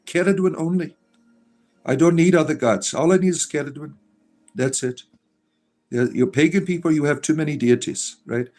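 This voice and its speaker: A middle-aged man hosting a casual livestream, reading viewer comments aloud and rambling with many fillers. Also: medium pitch. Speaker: livestream host reading chat.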